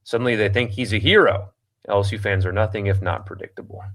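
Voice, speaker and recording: A man hosts a sports talk show in a somewhat low voice. He reads listener comments aloud and shoots them down bluntly, stumbling through ums and restarts as he goes. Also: fast talker, fairly bright tone. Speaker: sports radio host. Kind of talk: casual chat reading listener comments.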